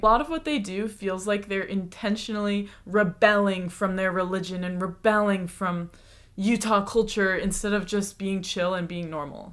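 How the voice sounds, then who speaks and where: A woman's voice: medium pitch, a bit bright. A woman from the United States hosting a chatty, explanatory reaction commentary with a lightly sarcastic edge. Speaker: reaction video host. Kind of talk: casual commentary.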